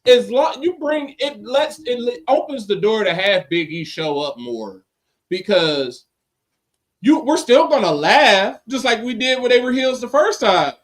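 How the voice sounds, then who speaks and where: A man co-hosting a casual wrestling podcast, talking in a slangy, animated way and acting out quotes. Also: very high voice, unhurried. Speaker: podcast co-host.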